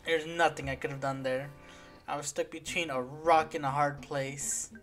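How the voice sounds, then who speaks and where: A woman's voice: deep voice, steady tone, normal speed, a bit bright. A woman hosting a let's play, commenting on her game in a profane, exasperated and sarcastic way. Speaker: gaming video host. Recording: faint game music behind.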